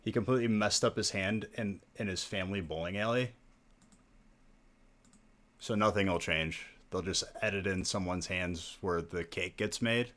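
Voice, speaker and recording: A man's voice: deep voice, steady tone, normal speed, fairly bright tone. A man hosting a live stream, ranting in casual chat and saying "like" a lot. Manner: ranting, heavy use of "like". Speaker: stream host.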